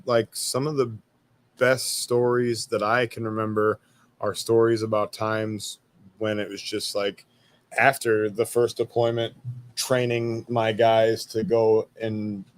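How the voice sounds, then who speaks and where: A man's voice: medium pitch, fairly even intonation, slow pace. A laid-back man in his thirties with an ordinary mid-range voice, telling war stories in a loose, casual flow. He swears freely and often laughs at his own punchlines. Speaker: guest, army veteran. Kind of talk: casual storytelling interview.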